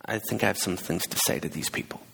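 A man voicing a calm, patient male teacher who speaks gently and without hurry. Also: low voice, fast, vocal fry, breathy edge, heavily acted. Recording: long hall reverb.

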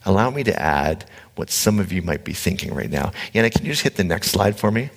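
A man preaching a conversational sermon, animated, blunt and joking with his congregation. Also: low-pitched, a little fast, hardly any pauses, slightly rough. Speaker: pastor. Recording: echoey hall reverb.

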